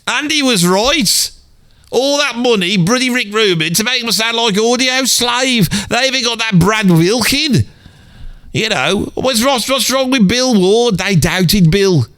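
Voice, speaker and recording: A man's voice: extremely high pitch, animated, unhurried, fairly bright tone, dry recording, studio quality, heavily acted. A man playing a grumbling middle-aged Birmingham bloke with a Birmingham accent, rambling on and swearing mildly in a comedic monologue. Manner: rambling rant peppered with "bloody".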